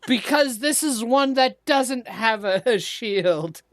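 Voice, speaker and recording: A man running a tabletop game as game master, calling out turns and dice rolls in a low-key way. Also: lively intonation, takes it slowly, a bit bright, no echo.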